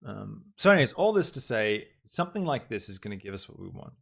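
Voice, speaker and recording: A young man talks through a live software tutorial at his computer. His voice sits low and carries a gravelly fry, and he meanders with frequent ums as he works things out aloud. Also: very animated, fast. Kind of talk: live-streamed casual tutorial.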